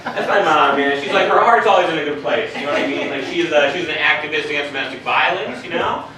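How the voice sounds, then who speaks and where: A young comedian speaks quickly in a fairly high voice, picked up by a distant mic as he performs stand-up in a bar's basement before a live crowd. His punchy lines and muttered asides echo around the room amid audience noise.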